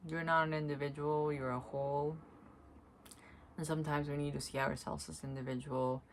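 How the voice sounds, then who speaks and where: A woman vlogging alone, speaking softly and reflectively, often pausing to search for words and breaking into laughter. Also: low-pitched, flat delivery, slight background noise. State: tearful at times. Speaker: spiritual vlogger. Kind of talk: slow reflective monologue, energy reading.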